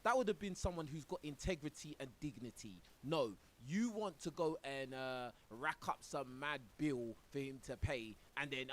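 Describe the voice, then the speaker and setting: A man's voice: mid-range voice, lively intonation, moderate pace, hardly any pauses, fairly bright tone. A man streaming his reaction to a clip, mocking and exasperated, tossing in "bro" and laughing as he talks. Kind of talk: reaction commentary.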